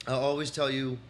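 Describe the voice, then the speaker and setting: Rambling Texan male comic, mid-pitched voice, faint room hum, casual at-home stream. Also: a bit bright. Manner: rambling, restarts sentences, reads from notes. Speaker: comedian doing a livestream.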